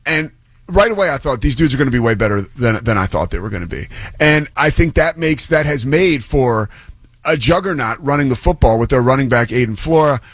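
A man's voice: mid-range voice, lively intonation, a little fast, no echo. A man who works as a play-by-play broadcaster, talking college football as a guest on a sports radio show, chatty and enthusiastic. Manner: chatty, enthusiastic, loose with fillers. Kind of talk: sports talk radio banter.

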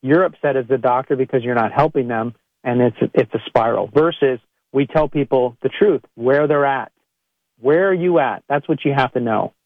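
A man's voice: medium pitch, moderate pace, no room sound, narrow, tinny audio. A man, a chiropractor, speaking to podcast listeners in a conversational monologue and acting out what people say. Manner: conversational, acts out quoted people in a raised voice.

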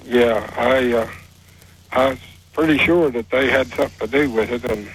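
A man calling in to a talk show, plain-spoken and halting as he tells his story. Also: mid-range voice, breathy edge, poor audio. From West Virginia. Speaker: caller. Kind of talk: telling a personal story on a call-in show.

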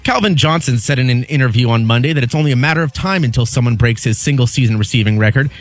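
A man's voice: medium pitch, expressive, quick pace, soft background music. A man co-hosting a sports radio show, reading news items and putting questions to the host.

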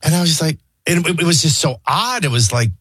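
A man hosts a morning talk radio show, jumping from jokey stories to reading the headlines. His voice is a bit husky and swings widely in pitch. It sounds dry and close, with faint music under it. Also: fast, dry recording. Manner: storytelling, joking, animated. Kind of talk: casual talk radio banter and news reading.

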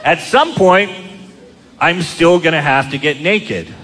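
A man's voice: a little high, lively intonation, slow pace, a bit bright. A middle-aged man telling self-deprecating stories in a stand-up set on a club stage. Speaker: touring stand-up comedian. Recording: live club recording with long reverb and clear noise.

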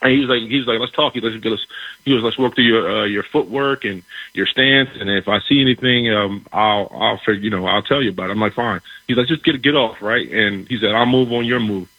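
A middle-aged man, a former football player, telling a locker-room story in a lively way, repeating words and acting out what others said. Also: lowish voice, brisk, husky, no echo, highs cut off. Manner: animated, repeats words, acts out quoted dialogue. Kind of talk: casual storytelling.

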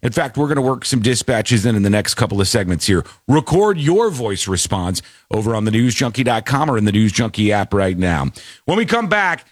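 A man hosting a talk show, telling stories in a rambling, animated way with quick asides. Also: fairly low pitch, no room sound, clean studio sound. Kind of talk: casual talk show chat.

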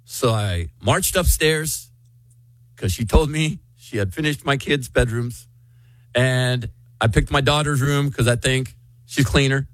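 A man in his thirties, a morning radio host, telling a story with lively acted-out quotes. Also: mid-range voice, unhurried, no room sound. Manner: animated storyteller, acts out quotes.

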